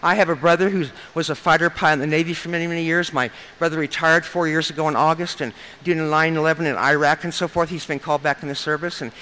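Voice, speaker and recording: A woman's voice: low-pitched, steady tone, fast, few pauses, fairly bright tone, poor audio. A woman in her fifties from Nebraska, speaking at a recovery meeting in a chatty, humorous storytelling style, often addressing the crowd as you guys. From Lincoln, Nebraska. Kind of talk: storytelling talk at a podium.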